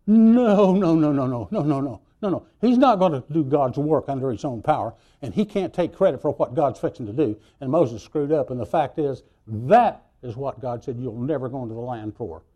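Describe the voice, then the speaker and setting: A man preaching a sermon, telling the story with lively swings between loud bursts and soft asides. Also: medium pitch, brisk, few pauses.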